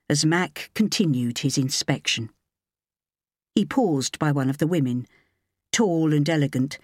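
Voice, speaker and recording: A woman reading a novel aloud as an audiobook narrator, in measured storytelling. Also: low-pitched, no echo, clean studio sound. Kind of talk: scripted narration.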